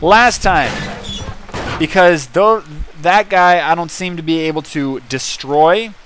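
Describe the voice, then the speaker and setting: A man hosting a let's-play, mumbling through menus and bursting into excited yells at the game. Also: on the high side, slow, background noise. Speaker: gaming channel host.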